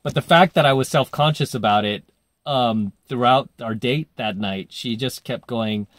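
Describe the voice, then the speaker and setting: A man's voice: medium pitch, moderate pace. A man coaching dating, telling a story in a casual monologue, full of fillers, and acting out the voices he quotes.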